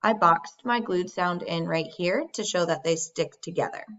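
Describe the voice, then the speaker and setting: A woman teacher giving a recorded phonics lesson, speaking slowly and deliberately as she models sounds for young children. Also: on the low side, a bit bright. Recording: dull lo-fi sound.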